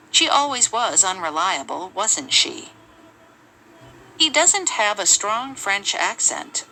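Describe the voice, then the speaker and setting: A woman reading English example sentences aloud in a measured, lively way for a lesson. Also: a little high, slight background noise, low-quality recording.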